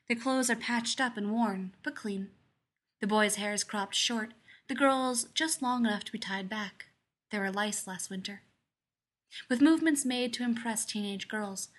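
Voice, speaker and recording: A woman reading fan fiction aloud in a soft, measured storytelling voice. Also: fairly high pitch. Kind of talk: scripted narration.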